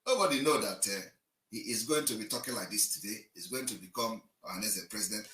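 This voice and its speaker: A man giving an impassioned political address, emphatic and declaiming, swinging between loud and quiet. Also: medium pitch, big pitch swings, fast, vocal fry. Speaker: livestream broadcaster. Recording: echoey room, distant mic.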